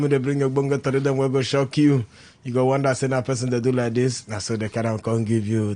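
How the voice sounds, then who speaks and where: A man's voice: medium pitch, flat delivery, fairly quick. A man with a Nigerian Pidgin accent co-hosting a radio show, bantering and joking in Pidgin English. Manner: jokey, laughing, loud announcer bursts. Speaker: radio co-host.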